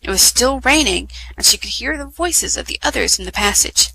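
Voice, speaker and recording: A woman reading children's stories aloud at a measured, clear read-aloud pace over a headset mic. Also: fairly high pitch, animated, bright, forceful tone, rough recording. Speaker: storyteller.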